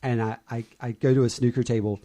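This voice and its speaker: A man hosting a casual sports podcast, pausing often with fillers and restarts. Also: medium pitch, level tone, mellow. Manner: hesitant, many fillers and restarts. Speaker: podcast host.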